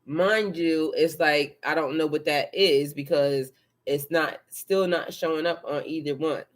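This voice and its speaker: A tarot reader doing a casual live card reading, excitable and chatty, swearing freely and talking to viewers and a helper. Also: mid-range voice, measured pace. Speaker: tarot reader and spiritual coach.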